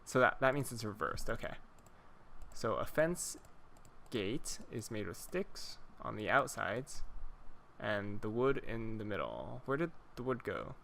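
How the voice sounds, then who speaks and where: Here a Minecraft let's-play host in his twenties chats to viewers, chuckling and wandering through stories as he plays. His lowish voice swings widely in pitch, moves a little slowly, and carries vocal fry and a slight brightness, with faint hiss or hum underneath.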